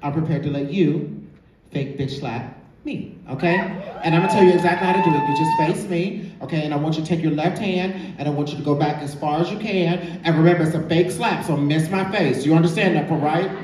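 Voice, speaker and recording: A man's voice: on the high side, brisk. A man hosting a live drag show, teasing an audience member on stage with a sassy, laughing delivery. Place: large theater stage. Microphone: filmed from the audience on a phone. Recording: echoey theater recorded from far off with crowd noise.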